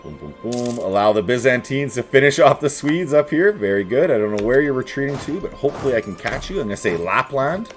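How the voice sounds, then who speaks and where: A man's voice: mid-range voice, animated, a little fast, hardly any pauses, faint music behind. A man giving casual, wry running commentary while playing a strategy game, joking to himself as he goes.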